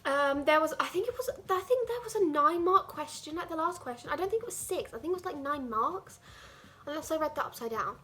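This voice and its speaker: Teen girl, high voice, chatty, rambling vlog talk, from England. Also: expressive, fairly quick, fairly bright tone. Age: teens. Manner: chatty, rambling, heavy use of "like". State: out of breath. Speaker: vlogger. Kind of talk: casual vlog chat.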